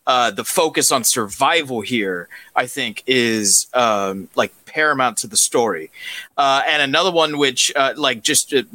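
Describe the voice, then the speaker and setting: A man chatting casually about movies, pausing often with ums and uhs as he thinks. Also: medium pitch, animated, sharp tone, no room sound. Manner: hesitant, full of ums and uhs. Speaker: podcast co-host.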